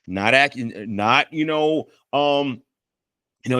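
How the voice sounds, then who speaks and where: A man's voice: mid-range voice, takes it slowly, bright, forceful tone, no echo, clean studio sound. A man counseling couples in a casual spoken lesson, earnest and repetitive, checking in often with the listener. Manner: earnest, repeats points, checks in with "right?". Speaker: counselor teaching communication skills.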